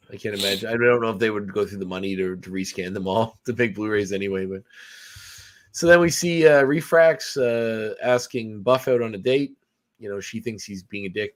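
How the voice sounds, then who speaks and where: A man hosting a podcast, casually recapping a film with many fillers and restarts. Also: fairly low pitch. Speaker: podcast host. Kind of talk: casual movie review chat.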